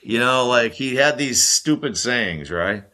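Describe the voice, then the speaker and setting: A man's voice: mid-range voice, a little slow. An older man, a former hockey player, telling stories casually as a podcast guest and putting on other people's voices. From United States. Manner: animated anecdote-telling with mimicked voices and laughs. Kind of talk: casual storytelling.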